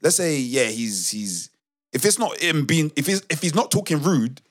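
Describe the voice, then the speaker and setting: A man's voice: fairly high pitch, lively intonation, normal speed, a bit bright. Hesitant man reasoning aloud. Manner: hesitant, restarts often while reasoning. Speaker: podcast co-host. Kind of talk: casual chat.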